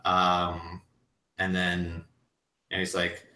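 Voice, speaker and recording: Game master narrating in a roomy space. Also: male voice, deep voice, monotone, drawn-out words, sharp tone. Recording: roomy echo.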